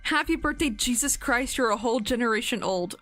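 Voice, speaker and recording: A woman's voice: fairly high pitch, lively intonation, a little fast, a bit bright, faint music behind. A woman in her twenties, streaming casually and reading out birthday messages, giggling and getting emotional as she goes. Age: 20s. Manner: giggly and emotional, laughing often.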